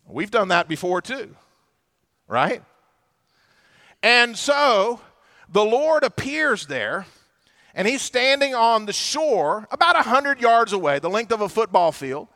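Male pastor, high bright tone, animated sermon storytelling with acted-out voices. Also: slow, pauses often.

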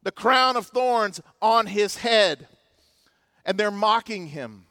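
A man preaching a sermon with passion, swinging between loud emphasis and hushed, solemn moments. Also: sits high, lively intonation, takes it slowly, no echo, clean studio sound. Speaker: pastor.

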